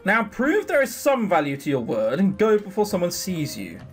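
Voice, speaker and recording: A man's voice: high-pitched, wildly swooping pitch, normal speed, faint music behind. A man voicing a cold, scheming noblewoman who speaks curtly and haughtily while reading a visual novel game. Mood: haughty. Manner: curt and haughty. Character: cold scheming noblewoman, commanding and sharp-tongued.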